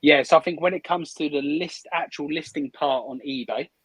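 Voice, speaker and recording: A man's voice: on the high side, normal speed, fairly bright tone, husky, no echo, rough recording. A man hosting a live stream from a hot shed, chatting upbeat and thinking aloud while he works. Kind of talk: casual chat while working. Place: hot shed under photography lights.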